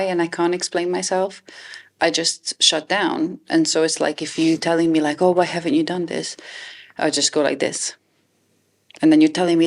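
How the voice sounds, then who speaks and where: A young adult woman co-hosting a podcast, reflective and halting, restarting sentences often as she explains her feelings. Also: on the low side. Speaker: podcast co-host. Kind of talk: casual chat.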